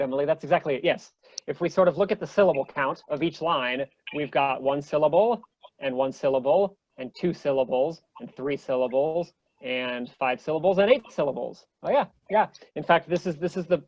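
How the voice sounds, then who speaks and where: A man's voice: fairly high pitch, no room sound, muffled recording. A man giving an online lecture to a group, eager and full of ums and restarts as he explains. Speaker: presenter.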